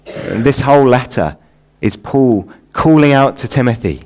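A man's voice: mid-range voice, animated, a little slow, darkish tone. A man preaching in a church, praying and then explaining a passage, building to earnest emphasis on key lines. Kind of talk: sermon with prayer.

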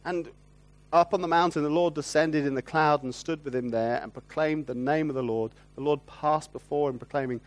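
A man preaching a sermon, earnest and gentle, often drawing his listeners in with tag questions. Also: on the high side, moderate pace.

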